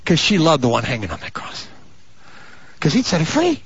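A man preaching a sermon as pastor, building to fervent, drawn-out shouts and dropping into mock voices and asides. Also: a little high, wildly swooping pitch, slight background noise. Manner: rising to fervent, stretched-out shouts. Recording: muffled lo-fi recording.

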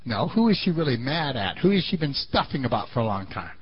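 A man's voice: mid-range voice, sing-song, fairly quick, highs cut off, a little hiss or hum. A man preaching a sermon in a dramatic storytelling style, often asking the audience questions.

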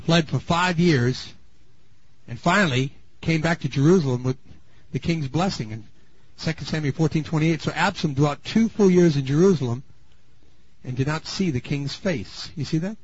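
A man preaching a sermon, dramatic and swinging from loud bursts to hushed asides. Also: on the high side, normal speed, breathy edge, no room sound. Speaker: pastor. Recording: dull lo-fi sound.

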